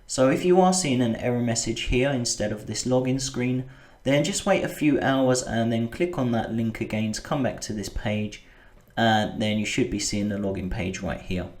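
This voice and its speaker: Tutorial voice-over: patient man giving step-by-step instructions, mid-pitched, slightly roomy sound. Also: normal speed, a little mellow. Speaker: web design tutor. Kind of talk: screen-recorded software tutorial.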